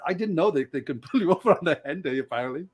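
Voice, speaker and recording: A man's voice: a little high, lively intonation, racing, slightly rough. A middle-aged man telling stories on a podcast, laughing often and acting out the voices of people he quotes. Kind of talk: casual storytelling.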